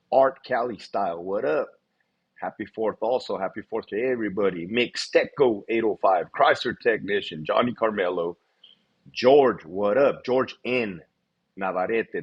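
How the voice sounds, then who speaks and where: Husky, profane man hosting a livestream. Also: on the low side, highs cut off. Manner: profane, blunt, reads shout-outs in a rapid list. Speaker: livestream host. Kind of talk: casual livestream chat.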